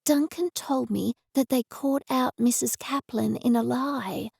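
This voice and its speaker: A woman voicing a friend who passes on gossip in a hushed, eager way. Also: fairly high pitch, unhurried, vocal fry, husky, dry recording, studio quality, exaggerated voice.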